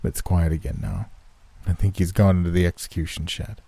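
A man's voice: sits low, steady tone, brisk, warm tone, dry recording. A man voicing a shaken male prison warder who answers respectfully with a tremor. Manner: trembling, respectful.

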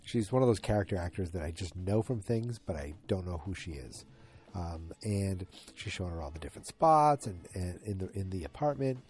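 His low voice is expressive and a little mellow, and he talks a little fast. Sleepy and yawning at home before the TV, this podcast host rambles chattily through an episode recap, dropping asides along the way.

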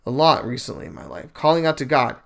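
A young man hosting a podcast, retelling a story in a casual, animated monologue, with sudden louder bursts. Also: mid-range voice, quick pace, vocal fry. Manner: animated storyteller, paraphrases scenes in bursts of raised voice. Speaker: podcast host. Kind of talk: casual religious commentary monologue.

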